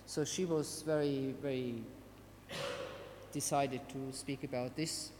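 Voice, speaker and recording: A woman giving a casual, halting presentation of a radio art project, with many fillers. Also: very deep voice, steady tone, warm tone. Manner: hesitant, many fillers and restarts. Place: venue hall. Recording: long hall reverb, faint background noise.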